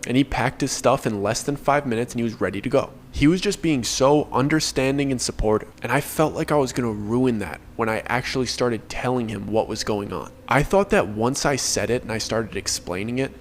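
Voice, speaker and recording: A young man tells his own story in a relaxed, conversational voice at an ordinary pitch. He sounds earnest and caught up in the events he is recalling. A faint hiss sits under the recording. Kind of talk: first-person storytime narration.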